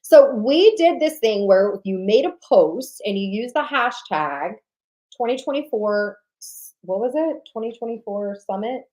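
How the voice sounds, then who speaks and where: A woman hosting an online sales summit livestream, giving an emphatic motivational talk that repeats lines for emphasis and swings between loud punches and low, intimate drops. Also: lively intonation, unhurried, low-quality recording. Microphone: livestream webcam mic.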